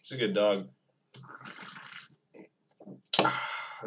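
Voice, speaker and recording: A man's voice: lowish voice, brisk, very noisy. A man hosting his own podcast, rambling alone in a profane, self-mocking casual monologue. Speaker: podcast host.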